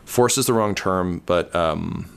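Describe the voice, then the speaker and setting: A man runs a tabletop game as its game master, his voice very low and smooth. He narrates a dreamlike scene slowly, pausing often with ums and uhs. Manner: halting, many ums and uhs.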